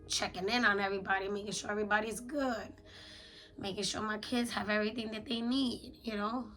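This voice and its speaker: A woman's voice: medium pitch, steady tone, a little fast, bright, forceful tone, soft background music, low-quality recording. A woman, venting in a raw confessional voice journal, blunt and slangy with heavy swearing. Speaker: vlogger.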